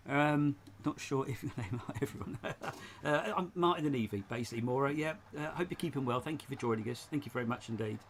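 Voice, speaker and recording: A man's voice: medium pitch, fast, few pauses, slight background noise. A man hosting a casual live stream from his shed, rambling and chatty, often laughing as he talks. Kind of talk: casual chat. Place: home shed.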